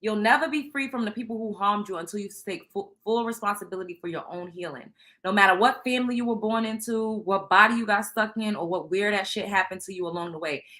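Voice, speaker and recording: A woman hosting a show, chatting casually with viewers and reading out tarot cards in a loud, animated, profane way. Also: mid-range voice, quick pace, few pauses. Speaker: show host.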